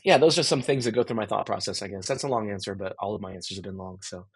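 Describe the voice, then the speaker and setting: A man's voice: on the low side, very fast, breathy edge. A middle-aged man, a musician as guest, giving long rambling, reflective answers full of fillers and restarts. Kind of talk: conversational interview answer.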